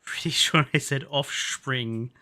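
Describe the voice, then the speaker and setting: A man's voice: mid-range voice, takes it slowly, pushed and bright. A young man chatting casually on a live stream, laughing often, tripping over names and sounding tired. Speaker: gaming streamer.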